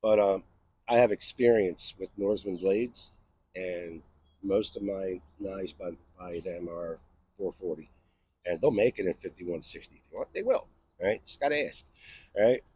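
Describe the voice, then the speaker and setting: A man's voice: deep voice, measured pace, mellow, a little hiss or hum, poor audio. A middle-aged man from the USA hosting a casual knife review vlog outdoors, chatty and rambling, often tossing in "right?" and "all right". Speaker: knife channel host. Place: outdoors in the cold.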